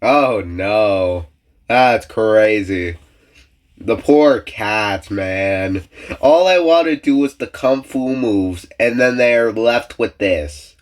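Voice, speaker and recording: A man's voice: lowish voice, extremely slow. A young man hosting a reaction video, making joking, self-mocking asides as he comments casually.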